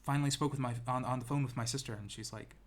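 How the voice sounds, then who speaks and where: A man's voice: medium pitch, fairly even intonation, fast talker. A young man telling a personal story to camera in a rambling, self-deprecating way, full of restarts and ums, seated indoors. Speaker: vlogger. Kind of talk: casual storytelling monologue.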